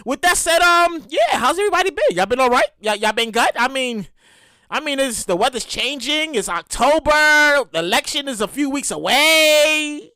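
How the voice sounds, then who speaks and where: A woman's voice: high voice, moderate pace, no echo, studio quality. A woman hosting her own podcast in a casual, profane, ranting monologue. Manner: animated, profane, ranting storyteller. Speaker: podcast host.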